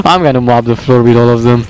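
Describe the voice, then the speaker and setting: A man giving excitable let's-play commentary, whooping and shouting at the game as he plays. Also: medium pitch, quick pace, a little hiss or hum. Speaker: gaming commentator.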